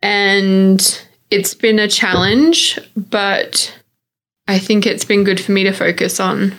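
A woman's voice: mid-range voice, level tone, takes it slowly, fairly bright tone. A young adult woman, co-hosting a podcast among friends, chatty and thoughtful. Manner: chatty and thoughtful, laughs often. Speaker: podcast co-host. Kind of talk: casual chat among friends.

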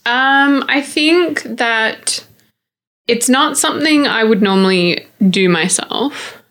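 A woman's voice: on the high side, takes it slowly, a bit bright. Chatty woman podcast co-host. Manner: chatty and thoughtful, laughs often. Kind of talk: casual chat among friends.

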